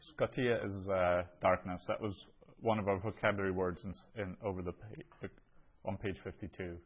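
A man's voice: low-pitched, fairly even intonation, normal speed, lo-fi sound. A man teaching a Greek class, explaining step by step with frequent ums. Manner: patient, explanatory, with many ums. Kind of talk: classroom lesson.

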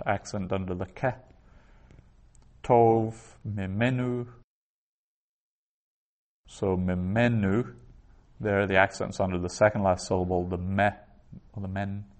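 A man's voice: on the low side, a little mellow. A man teaching a class, explaining reading points patiently and methodically, with small restarts.

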